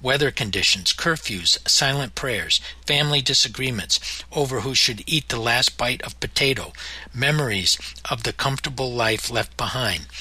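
Male audiobook narrator, somber memoir reading, husky edge, mid pitch. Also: bright, forceful tone, low-quality recording.

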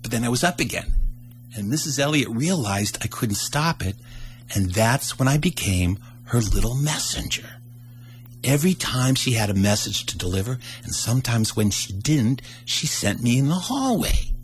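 A man's voice: medium pitch, big pitch swings, moderate pace, slight background noise. A man telling a childhood story in a live storytelling performance, acting out the characters with raised voices.

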